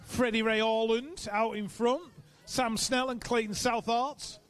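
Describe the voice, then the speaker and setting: A man's voice: very high voice, steady tone, a bit bright, smooth. A man announcing live races, reeling off rider names and adding chatty asides between calls. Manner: brisk, reels off rider names. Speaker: race announcer. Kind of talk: live sports commentary. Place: outdoor race track.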